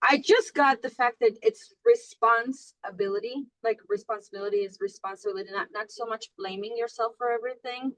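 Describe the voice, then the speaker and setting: A woman's voice: a little high, a little fast, hardly any pauses, fairly bright tone, no echo, poor audio. A woman calling in to a group call, grateful and a little hesitant, restarting her words as she asks a question. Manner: grateful, hesitant, repeats herself. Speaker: caller.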